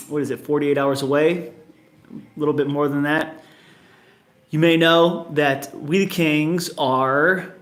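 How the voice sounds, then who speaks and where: A man in his thirties hosting a casual morning livestream from home, upbeat and chatty, greeting viewers one after another. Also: on the high side. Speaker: livestream host.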